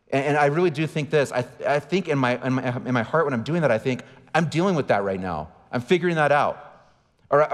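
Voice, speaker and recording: A man in his forties, a campus pastor, giving a conversational sermon with candid, self-deprecating stories. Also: medium pitch. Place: church auditorium. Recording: reverberant hall.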